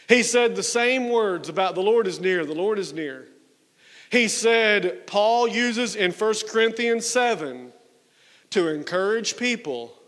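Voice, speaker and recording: High-voiced male preacher in a reverberant hall. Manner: emphatic, dropping low and soft on key words. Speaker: pastor. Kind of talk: sermon. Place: church sanctuary.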